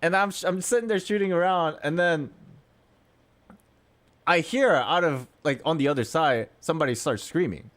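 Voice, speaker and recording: A man in his thirties telling a story in a chatty, animated way as a streamer, laughing between lines. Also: fairly high pitch, normal speed. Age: 30s. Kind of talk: casual storytelling.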